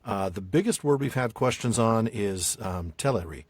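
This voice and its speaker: Low-voiced American man explaining on a podcast. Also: animated, moderate pace, no room sound. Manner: explanatory, with frequent fillers. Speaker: podcast host. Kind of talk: casual podcast discussion.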